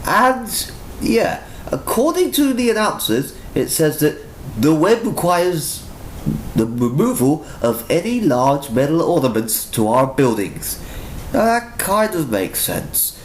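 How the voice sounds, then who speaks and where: A young man casually reviewing a comic book, animated and incredulous, with frequent exclamations. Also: fairly high pitch, slow, a little hiss or hum, poor audio.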